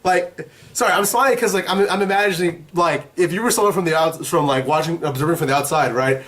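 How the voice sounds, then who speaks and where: Young male vlog host, slightly high voice, rambling profane storyteller. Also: fairly quick. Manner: profane, rambling, animated retelling. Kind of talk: casual storytelling.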